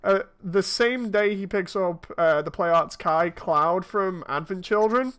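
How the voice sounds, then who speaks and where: A man's voice: high-pitched, a little slow, fairly bright tone, clean tone. A man in his thirties, chatting casually and telling rambling stories while streaming a game. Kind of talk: casual chat while playing.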